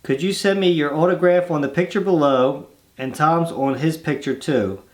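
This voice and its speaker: Here a channel host, a man whose voice sits a little high, goes through viewer letters at a normal pace. He reads each one out and fills the gaps with casual, meandering chatter.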